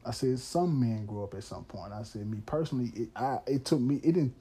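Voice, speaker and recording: A man's voice: mid-range voice, lively intonation, a little fast, dark tone, slightly rough. A man in his thirties hosting a podcast, telling a story in a loose, candid way with lots of "man" and easy laughter. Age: 30s. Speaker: podcast host. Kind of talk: casual storytelling monologue.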